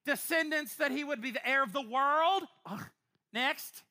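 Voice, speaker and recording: A woman pastor, preaching a sermon to a congregation in an animated, playful way with quick asides. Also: high voice. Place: church before a congregation.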